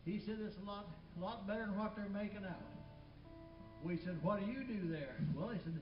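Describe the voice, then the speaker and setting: High-voiced folksy man telling jokes on stage. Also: brisk, over music. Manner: drawling Southern folksy delivery with plain country grammar. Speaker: storyteller. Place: live music jam hall with audience. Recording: roomy, distant, dull live hall recording with audience.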